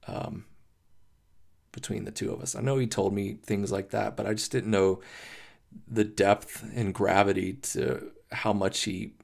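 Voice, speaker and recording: A man hosting a podcast, talking through grief in a halting, emotional monologue, swearing and restarting often. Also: on the low side, creaky. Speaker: podcast host. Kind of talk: personal reflective monologue.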